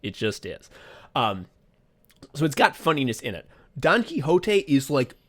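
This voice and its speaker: A man co-hosting a podcast, chatting casually in an excitable, profane way and slipping into quick voices as he retells stories. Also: mid-range voice. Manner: excitable, profane, animated storytelling with quick voice switches. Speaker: podcast co-host. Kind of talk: casual comedic chat.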